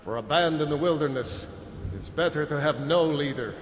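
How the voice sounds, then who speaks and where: A man's voice: on the high side, fairly quick, lightly acted. An actor voicing a severe ancient male spirit who passes solemn judgment in a game. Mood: stern. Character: stern ancient male spirit judging warriors. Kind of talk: video game dialogue. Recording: echoey, long reverb, faint hiss.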